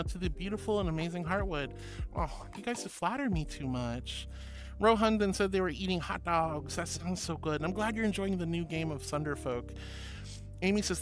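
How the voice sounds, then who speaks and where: Sweet and affectionate, this streamer reads viewer messages aloud and chats casually in a fairly bright tone. When she greets people, her voice shoots up high.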